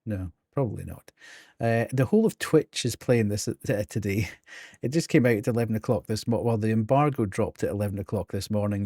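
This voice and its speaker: A man's voice: lowish voice, warm tone, husky, no room sound, clean studio sound. A middle-aged man with a Geordie accent, chatting casually on a live game stream, laughing often between ums and restarts.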